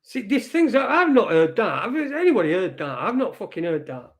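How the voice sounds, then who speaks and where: A man talks in a high, lifted voice, reading headlines and riffing on them as he goes. His chat is loose and rambling, full of swearing and restarts, like a host musing live to his viewers. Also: sing-song, brisk. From Britain. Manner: rambling, swears often, reads headlines aloud. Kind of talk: casual live news commentary.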